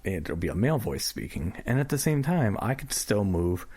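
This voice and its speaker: A man's voice: on the low side, big pitch swings, moderate pace, a crowd in the background. A man giving a casual spoken demonstration of assistive tech. He talks loosely, with fillers and self-corrections, into a portable recorder.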